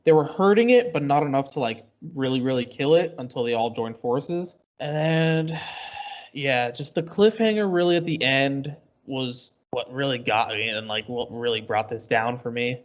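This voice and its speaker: A man's voice: medium pitch, normal speed. Man, podcast co-host, casual rambling recap, lots of fillers, dull lo-fi sound. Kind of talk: casual chat.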